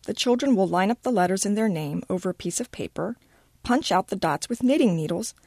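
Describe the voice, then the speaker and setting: A woman reading a short story aloud with expressive, animated storytelling. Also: mid-range voice, brisk, husky, no echo, studio quality. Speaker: reader.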